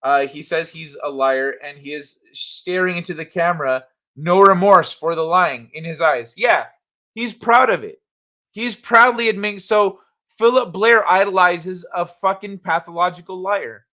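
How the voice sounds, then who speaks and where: A man's voice: high voice, sharp tone. A man hosting a casual livestream, reading chat and ranting in a heated, blunt, profane way.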